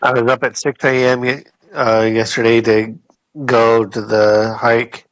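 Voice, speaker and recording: A tired man in his thirties chatting with friends over voice chat and giving flat, worn-out replies. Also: mid-range voice, unhurried, no room sound, poor audio. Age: 30s. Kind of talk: casual chat.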